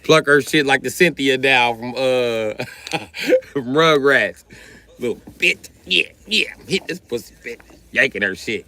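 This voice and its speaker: A man livestreaming a crude comedy rant, loud and mocking, laughing often. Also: mid-range voice, expressive, takes it slowly.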